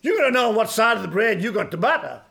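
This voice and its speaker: A man in his sixties preaching a sermon as pastor, folksy and emphatic, swinging from quiet asides to loud exclamations. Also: sits high, big pitch swings, fast talker, gravelly. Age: 60s.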